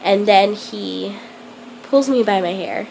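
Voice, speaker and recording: A young woman telling a personal story to camera in a hesitant, halting way, full of ums. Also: medium pitch, vocal fry, darkish tone, slight background noise, rough recording. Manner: plain confessional telling. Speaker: vlogger.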